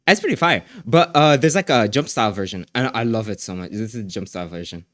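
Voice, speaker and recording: A man's voice: lowish voice, animated, fast talker, a bit bright, no echo, clean studio sound. A young man streaming live, chatting casually in a rambling, slangy way with lots of restarts.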